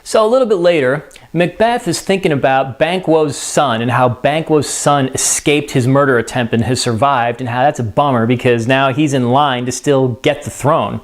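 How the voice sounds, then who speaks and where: Male teacher, relaxed conversational story recap, animated delivery. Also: medium pitch, normal speed, few pauses. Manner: conversational, animated retelling with filler words. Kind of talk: casual explanatory lesson.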